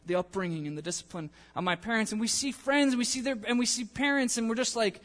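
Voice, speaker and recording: A young man preaching a sermon in a church in a casual, animated way, acting out the people he quotes. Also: extremely high pitch, fast talker. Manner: animated, conversational, acts out quotes. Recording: long church-hall reverb.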